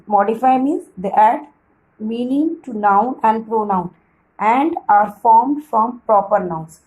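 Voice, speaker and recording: A woman's voice: fairly high pitch, animated, takes it slowly, phone-quality sound. A woman teacher explaining grammar to children in a patient classroom lesson, often checking in with "right?".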